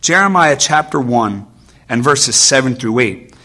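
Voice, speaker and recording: Earnest bright-voiced man preaching. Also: mid-range voice, lively intonation, a little slow. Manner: conversational, earnest, often asks "right?" and restarts words. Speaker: nurse giving a church talk. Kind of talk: sermon with personal stories. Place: church gathering with a live audience.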